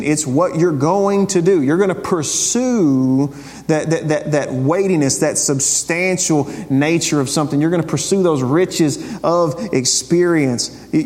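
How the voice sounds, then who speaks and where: A man's voice: on the high side, a little mellow. Preaching man in a reverberant hall. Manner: conversational preaching with repeated phrases and rhetorical questions. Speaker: pastor. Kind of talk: sermon.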